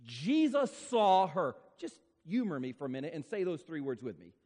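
High, lively-voiced preacher in a reverberant hall. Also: male voice. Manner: emphatic, repetitive preaching with dramatic slowdowns. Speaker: pastor. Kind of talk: sermon. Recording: long reverb of a large hall.

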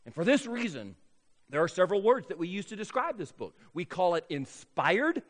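Male pastor mid-sermon, high lively voice, big church sanctuary with long reverb. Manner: emphatic, drawn-out key words. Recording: long reverb of a large hall.

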